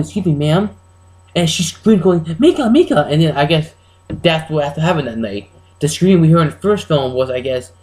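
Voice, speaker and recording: A man giving a casual, rambling, spoiler-heavy recap of a horror film as a reviewer, excitable and full of restarts. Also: fairly high pitch, rough recording.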